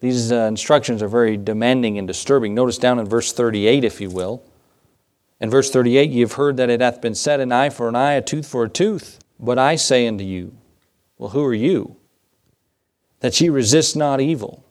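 A man preaching a sermon, reading scripture in old-fashioned wording and asking the congregation rhetorical questions. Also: normal speed. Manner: animated, rising pitch when emphasizing.

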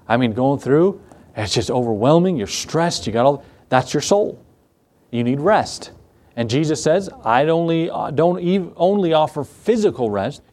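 Guy preaching a sermon, kinda high voice, keeps asking the room questions and repeating himself. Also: a little mellow. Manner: conversational preaching with rhetorical questions and repeated phrases. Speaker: pastor.

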